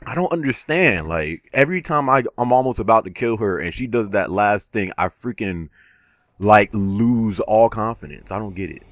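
A man commentating his own gameplay, casual and slangy, swinging from low self-critical muttering to sudden yells. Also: lively intonation, normal speed, dry recording. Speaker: gamer.

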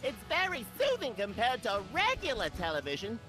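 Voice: medium pitch, wildly swooping pitch, moderate pace, pushed and bright, faint music behind. A woman voicing a manic male former child star who poses as a chirpy therapist in a cartoonish video game. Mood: manic cheer.

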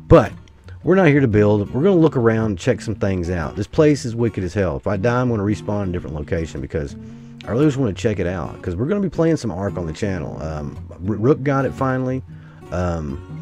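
A deep-voiced American man rambles through his gameplay commentary, his pitch leaping up when excited and dropping into low grumbles. Faint guitar music plays under his voice. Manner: rambling, exclamatory, swings between excited and grumbling. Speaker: gaming YouTuber.

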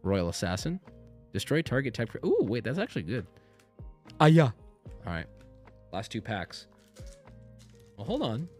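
Streamer type, thirties, lively swinging pitch, reads cards in silly voices, faint music under him. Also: male voice, measured pace, long pauses. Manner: animated, jokey, reads card text aloud with goofy voices. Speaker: streamer opening card packs. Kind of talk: casual stream chat.

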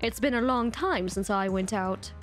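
A woman voicing a reserved young woman with an attempted British accent, giving quiet, clipped replies. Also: mid-range voice, normal speed, soft background music, pitched below the performer's own voice, lightly acted.

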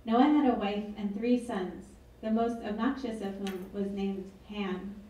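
A woman's voice: mid-range voice, dark tone, distant mic, slight background noise. A woman author reading her book aloud at an event, with wry, chatty asides. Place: event hall. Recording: echoey hall, mic from afar.

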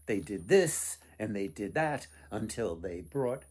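A man reading a folktale aloud to children, expressive with dramatic pauses. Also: lowish voice, breathy edge. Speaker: author reading his book. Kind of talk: storybook read-aloud.

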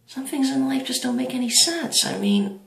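A man voicing a whiny, awkward, lonely teenage boy who talks haltingly and repeats himself. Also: extremely high pitch, creaky, a bit bright, roomy sound, pitched above the performer's own voice, exaggerated voice.

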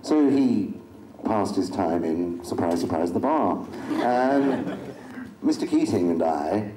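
A man's voice: low-pitched, expressive, slow pace. A middle-aged man joking wryly as a convention panel guest before an audience. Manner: wry, dry self-mocking humor. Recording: echoey hall with crowd noise.

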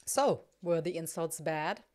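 A woman's voice: sits low, a little slow, darkish tone. A woman hosting a casual podcast, chatting with fillers and asking her guest questions from the chat. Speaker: podcast host.

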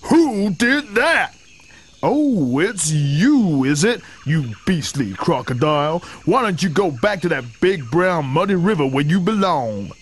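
A man voicing a big, deep-voiced male elephant in a storybook reading, outraged and theatrical in manner. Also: very animated, slow pace, slight background noise. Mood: indignant.

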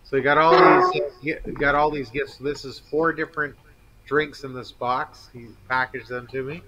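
A man's voice: medium pitch, fairly even intonation, moderate pace, dull audio, heavy background noise. A man hosting a live stream, chatting in a friendly way and laughing often. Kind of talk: casual chat.

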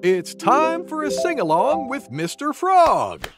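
A man voicing a gravelly goose storyteller. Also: very high voice, wildly swooping pitch, music in the background, exaggerated voice. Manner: slow, exaggerated, sing-song delivery. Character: friendly male goose storyteller host. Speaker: story reader and show host. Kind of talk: children's read-aloud narration.

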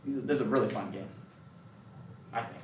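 A man gives a calculus lecture, mixing playful comparisons with quick checks on his students. His voice rings around a roomy hall and sounds distant from the microphone. A faint hum of room noise sits underneath. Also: mid-range voice. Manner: animated, playful explanations with rhetorical questions. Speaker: math lecturer. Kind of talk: classroom lecture.

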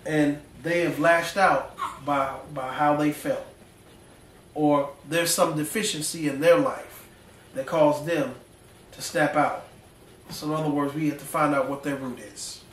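A man preaching in a church, his voice a bit high for a man and rising as he gets animated. He talks in a folksy way with slang, and the sound is echoey and picked up from some distance, with a faint hum of the room behind him. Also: a little slow. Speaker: pastor. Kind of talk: sermon. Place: church sanctuary.

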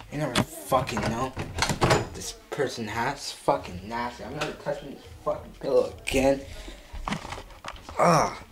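A man's voice: mid-range voice, noisy background. A young man vlogging in a home basement, swearing constantly in a disgusted, agitated comedic skit. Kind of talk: scripted comedic vlog skit.

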